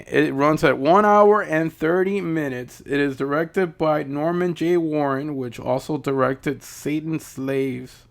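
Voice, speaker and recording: A man's voice: a little high, gravelly. A man giving a casual, rambling horror movie review. He talks bluntly, swears, and often restarts his sentences.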